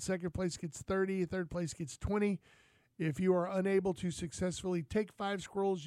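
A man's voice: sits high, no room sound. A man hosting a talk show, rambling through folksy stories in casual chat. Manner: rambling, folksy, animated storytelling. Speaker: outdoors show host.

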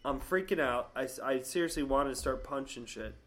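A man in his thirties telling a story casually, animated and swearing, acting out quotes in a higher voice. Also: normal speed. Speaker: vlogger.

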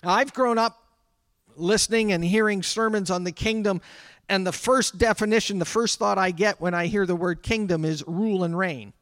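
A man's voice: sits high, normal speed, a bit bright, dry recording. A man preaching a sermon to his congregation in a conversational way, with asides to the people in the room. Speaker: pastor. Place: church sanctuary.

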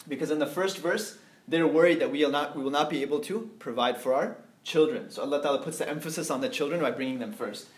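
A man teaching an Islamic lecture to a class, explaining step by step, mixing in Arabic phrases and checking that students follow. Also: on the high side. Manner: explains slowly, asks class if they understand; mixes in Arabic terms and phrases.

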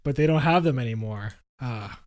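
Relaxed male podcast co-host with a dry sense of humor and an easy laugh. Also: mid-range voice, normal speed. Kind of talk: casual chat.

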